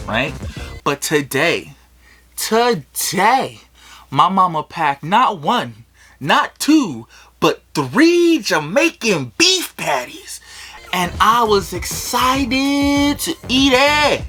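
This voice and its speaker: A young man tells a childhood story in a storytime vlog, swearing freely and acting out every beat. His pitch swings widely as he goes. Faint music sits underneath. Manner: animated, profane comic storytelling. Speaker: vlogger.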